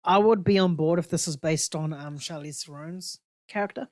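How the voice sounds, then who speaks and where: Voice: mid-range voice, moderate pace, a little mellow, no room sound, clean studio sound. Blunt, sweary young podcast co-host. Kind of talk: casual film chat.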